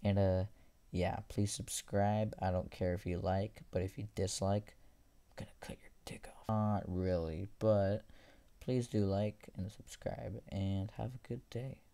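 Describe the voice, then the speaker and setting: A man's voice: low-pitched, fairly even intonation, slow pace, dark tone. A teenage boy casually retelling a school story, rambling with many fillers. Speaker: storytime YouTuber.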